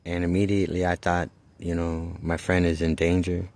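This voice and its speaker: A middle-aged man telling a personal story in a casual, rambling way, halting often and swearing freely. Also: low-pitched, monotone, darkish tone.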